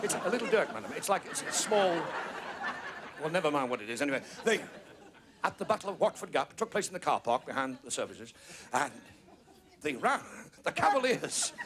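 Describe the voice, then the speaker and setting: A man with a Northern English accent performing a stand-up comedy routine as a guest, firing off gags with exaggerated comic asides. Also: high voice. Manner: rapid-fire gag telling, exaggerated comic asides. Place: TV studio with live audience. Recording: noisy studio with roaring audience.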